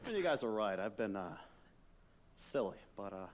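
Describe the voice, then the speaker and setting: An actor playing a goofy, immature Darth Vader who is an over-eager joker, in a comic stage musical. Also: male voice, fairly low pitch, very animated, moderate pace. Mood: sheepish. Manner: jokey, over-eager, chummy.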